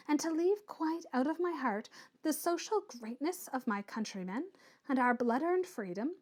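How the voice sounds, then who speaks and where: A woman reading aloud and voicing a proud, earnest young Swiss woman who speaks softly and with restraint. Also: sits high. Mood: defiant.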